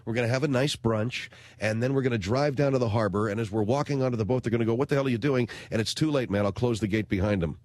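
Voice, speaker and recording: A man's voice: mid-range voice, quick pace, few pauses, darkish tone, no echo. A middle-aged man hosting a radio show, telling a rambling, sardonic comic story in a studio. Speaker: radio talk show host. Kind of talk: comedic radio monologue.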